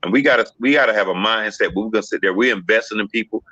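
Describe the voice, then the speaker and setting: A man's voice: fairly low pitch, rapid-fire, sharp tone, dry recording, lo-fi sound. A man hosting a casual discussion, telling stories animatedly and acting out quoted voices. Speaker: podcast host.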